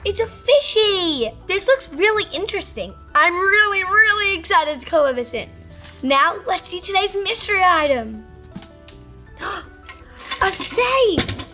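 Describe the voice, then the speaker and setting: Very high, bright-voiced kids' show woman. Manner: excitable, gasping with wonder. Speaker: children's show host. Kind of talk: upbeat kids' presenting.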